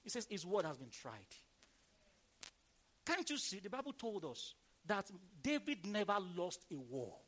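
High, lively preacher man. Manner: emphatic preaching, calls on the congregation to respond; reads scripture aloud in a slow, drawn-out cadence. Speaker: pastor. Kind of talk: sermon.

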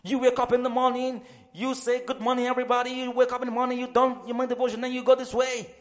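A man from Nigeria preaching a sermon in a church, emphatic, sometimes shouting, often repeating his phrases. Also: very high voice, little pitch movement, quick pace. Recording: slightly dull recording with faint music behind.

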